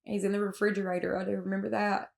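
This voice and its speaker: Gravelly Southern woman recounting haltingly. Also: mid-range voice, little pitch movement. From Alabama. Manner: halting, with frequent fillers and restarts; emotional, with nervous laughs at hard moments. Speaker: interviewee telling her own story. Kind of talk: personal recounting in an interview.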